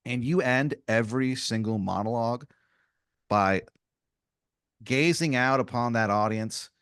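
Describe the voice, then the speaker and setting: A man hosting an improvised comedy podcast, laying out a long scenario with halting restarts. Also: medium pitch, fairly bright tone, smooth, no room sound, studio quality. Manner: rambling, hesitant setup full of restarts. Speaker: podcast host.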